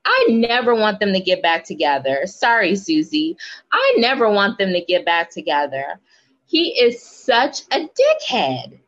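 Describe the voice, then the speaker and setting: A woman's voice: mid-range voice, wildly swooping pitch, measured pace, a bit bright, lo-fi sound. A woman co-hosting a casual podcast, ranting emphatically and swearing freely. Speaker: podcast co-host.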